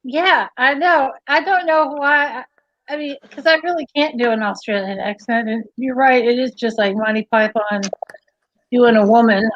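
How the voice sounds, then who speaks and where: A woman's voice: sits high, moderate pace, no room sound. A woman hosting a casual livestream, chatty, giggly and rambling, on dry, slightly dull audio. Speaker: livestream host.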